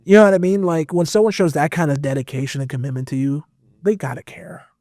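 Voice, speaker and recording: A man guest on a podcast, telling a personal story in a casual, animated way with lots of fillers. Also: fairly high pitch, fast, no echo, studio quality. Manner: animated, expressive, full of fillers. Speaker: podcast guest, metal vocalist.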